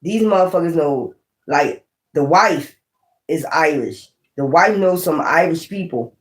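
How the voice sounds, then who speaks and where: Woman doing a tarot reading, cussing, thinking out loud, echoey room. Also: deep voice, measured pace. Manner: blunt, profane, thinking aloud. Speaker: tarot reader. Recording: roomy echo.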